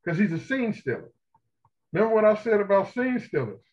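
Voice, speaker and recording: A man co-hosting a podcast, talking casually and profanely with lively enthusiasm. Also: high-pitched, a little fast, lo-fi sound. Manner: animated, profane, enthusiastic film talk. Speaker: podcast co-host. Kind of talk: casual chat.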